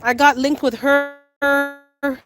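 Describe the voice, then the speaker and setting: A woman's voice: sits high, flat delivery, slow, a bit bright, faint music behind. A woman chatting casually on a live stream while she walks around her backyard garden, answering viewer comments. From Canada. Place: outdoor backyard garden near a rail line.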